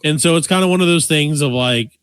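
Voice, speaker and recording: A man in his thirties spins a comic story for his podcast co-host, swearing freely and acting out each line of dialogue. His voice sits a little high and is recorded close and dry, with no room sound. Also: fast, smooth, no echo. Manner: profane, animated, acts out quotes. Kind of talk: casual comedic storytelling.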